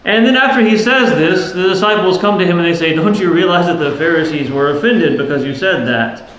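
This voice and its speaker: In a very echoey church with faint background noise, a priest delivers a sermon. His voice sits high with a fairly bright tone, and he talks a little fast. He explains things earnestly and keeps asking his listeners questions.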